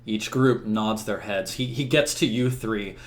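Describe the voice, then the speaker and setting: A man's voice: lowish voice, measured pace. A man narrating a tabletop game as game master, with many fillers. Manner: filler-heavy, descriptive.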